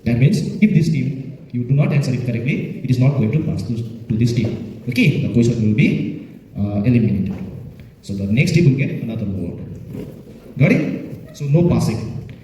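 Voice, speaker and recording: A man's voice: mid-range voice, animated, moderate pace, long pauses, warm tone, highs cut off. A man acts as the spelling bee pronouncer and patiently explains the contest rules to pupils, often asking "okay?" to check they follow. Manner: patient, repetitive, checks understanding with frequent "okay?". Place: large echoey school hall. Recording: echoey hall from far off, faint noise.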